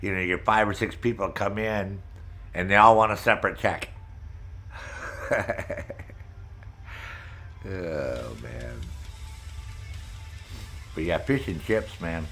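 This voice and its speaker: A middle-aged man with a lowish voice hosts a loose, rambling chat with his viewers. He swears freely as he spins his stories. Faint music plays underneath. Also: slow pace, pauses often, sharp tone. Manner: profane, rambling storyteller. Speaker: streamer host. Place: Maine, United States.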